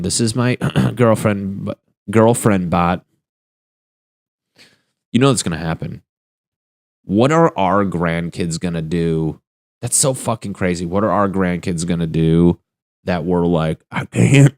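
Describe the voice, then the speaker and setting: A man's voice: low voice, no room sound, clean studio sound. A young man hosting a solo comedy podcast, rambling through crude jokes and laughing at his own punchlines. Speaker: podcast host.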